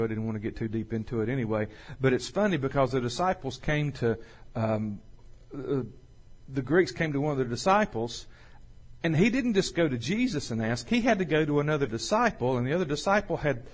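A man preaching a sermon as pastor, slowing and swelling when he reads scripture. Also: mid-range voice. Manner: folksy, swells louder and slower on scripture.

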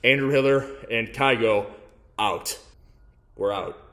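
A man's voice: medium pitch, takes it slowly, pushed and bright. A man hosting his own vlog, talking bluntly and aggressively and swearing freely. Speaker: vlogger. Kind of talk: casual vlog rant.

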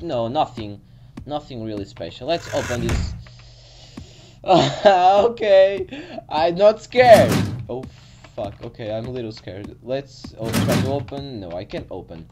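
A man's voice: mid-range voice, heavy background noise. Jumpy young man playing a horror game. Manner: jumpy and nervous, swears when startled, talks to himself. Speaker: gaming channel host. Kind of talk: horror game let's play commentary.

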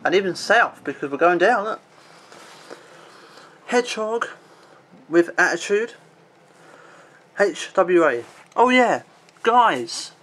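A man's voice: high-pitched, fairly bright tone. A man in his twenties with a rambling, filler-heavy way of talking, casually showing off an item in a home vlog and swearing at his pet now and then. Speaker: vlogger. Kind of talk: casual show-and-tell vlog.

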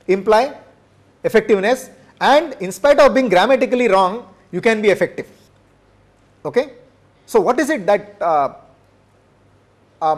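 Guy lecturing teachers, kinda high voice, says things twice for emphasis, asks "right?" a lot. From India. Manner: repeats for emphasis, asks the audience rhetorical questions. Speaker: professor.

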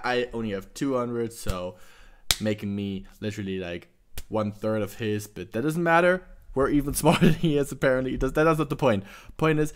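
A man hosting a reaction video, chatting casually with lots of fillers and restarts. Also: mid-range voice. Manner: hesitant, many fillers and restarts.

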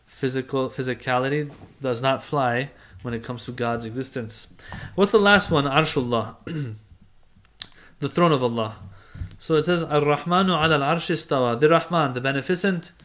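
A middle-aged man teaching a religious class, explaining a text with lively emphasis, rhetorical questions and everyday examples. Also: medium pitch. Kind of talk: explanatory lecture reading from a text.

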